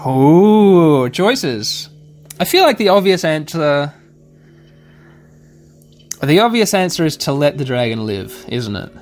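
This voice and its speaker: A man's voice: a little high, big pitch swings, slow pace, pauses often, darkish tone, faint music behind. A man playing a text adventure aloud, reading it out and adding casual, wry asides. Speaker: game player and host.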